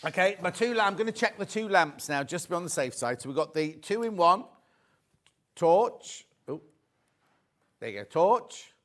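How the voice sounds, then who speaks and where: A man's voice: high voice, lively intonation, moderate pace, fairly bright tone. A man presenting on a live shopping channel, chatty and rambling with joking asides.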